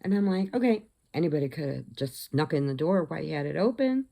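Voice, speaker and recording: A woman's voice: sits low, fast, vocal fry. A middle-aged woman vlogger casually retelling a movie plot, acting out the lines and sometimes dropping to a whisper. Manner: animated storyteller, acts out lines, drops to whispers.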